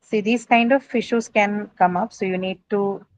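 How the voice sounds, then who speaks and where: A woman's voice: mid-range voice, fairly even intonation, moderate pace, slight background noise, poor audio. A woman teaching an English class on word stress in a classroom, checking in with students and often adding "right?" and "uh".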